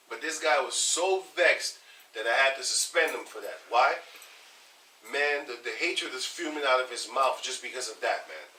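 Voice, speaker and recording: A man's voice: medium pitch, normal speed. A man telling stories in a casual group chat as its leader, acting out other people's lines as he goes. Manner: animated storytelling, acts out others' lines. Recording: echoey room from far off, faint noise.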